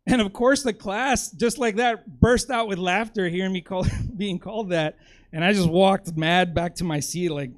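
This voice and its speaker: A man's voice: high-pitched, normal speed. A man telling a personal story as stand-up comedy, in a casual way, full of "like" and "you know". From United States.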